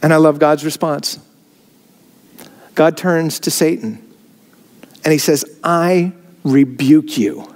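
A man's voice: on the high side, level tone, slow pace, pauses often. A man preaching a sermon, filmed on camera, rising in emphasis on key phrases. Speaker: pastor. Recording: long hall reverb.

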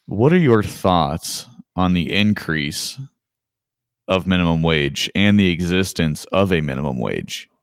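A man's voice: low-pitched, expressive, unhurried, clean tone, dry recording, studio quality. A man co-hosting a podcast, asking questions, teasing and steering the conversation. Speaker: podcast co-host. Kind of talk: casual podcast chat.

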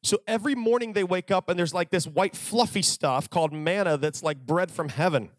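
A man preaching a sermon to a youth crowd, telling stories in an animated, joking way. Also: sits high, fairly quick, dry recording.

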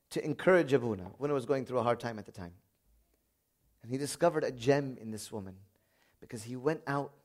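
A middle-aged male priest giving a sermon, telling personal stories earnestly, dropping to a quiet confessional tone and then rising to loud emphasis. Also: on the high side.

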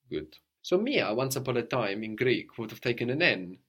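A man teaching a language lesson, patiently modeling phrases slowly and coaxing his student. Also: mid-range voice, very animated, a bit bright.

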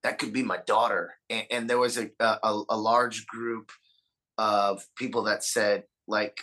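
Punk singer guest, man, bright forceful tone, earnest and halting, swears a lot. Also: on the low side, little pitch movement, rough recording. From Austin, Texas. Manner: earnest, stammers and repeats words, swears freely. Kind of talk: casual podcast conversation.

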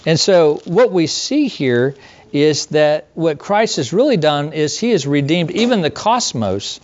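A man's voice: fairly high pitch, very animated, a little slow, lo-fi sound. A middle-aged man, a pastor, preaching a sermon in an earnest, conversational way with rhetorical questions.

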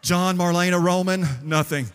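A male pastor preaching a sermon, telling stories lively and acting out the quotes. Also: sits high, moderate pace, clear, resonant tone. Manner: lively storytelling with acted quotes. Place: church sanctuary. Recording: long hall reverb.

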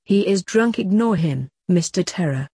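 A woman's voice: fairly low pitch, lively intonation, moderate pace, warm tone, husky, no room sound, clean studio sound. A woman reading an outspoken young noblewoman.

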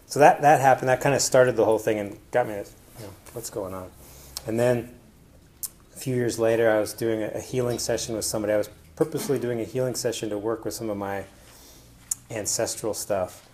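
A man's voice: fairly low pitch, fairly even intonation, fairly quick, darkish tone. A man presenting to an audience in a casual personal style, rambling with many fillers and restarts. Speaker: conference presenter.

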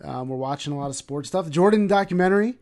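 A man in casual chat as a podcast co-host, laid-back with quick reactions. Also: fairly high pitch, animated, darkish tone. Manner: laid-back, short reactions, laughs easily.

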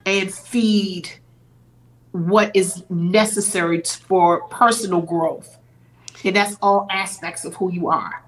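A woman's voice: mid-range voice, fairly even intonation, slow pace, rough recording. A middle-aged woman on a podcast, telling a personal story earnestly and teary-eyed, acting out what others said. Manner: earnest, acts out quoted voices. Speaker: podcast guest. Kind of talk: emotional storytelling.

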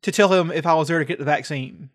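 A man's voice: on the high side, fast talker. A young man from the United States co-hosting a casual podcast chat, ranting sarcastically and swearing often. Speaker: podcast co-host.

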